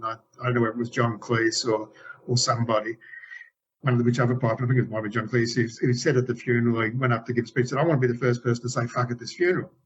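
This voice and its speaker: Man, 60s, interview guest, rambling storyteller with many restarts, middling pitch, dull video-call audio. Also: slight background noise. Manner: rambling, frequent restarts and self-corrections. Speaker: game developer guest.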